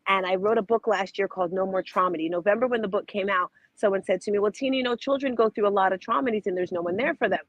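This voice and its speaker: A woman's voice: medium pitch, fast, few pauses, dry recording, dull audio. Bubbly woman in her fifties hosting. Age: 50s. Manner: bubbly and excitable. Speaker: show host. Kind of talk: morning show video call chat.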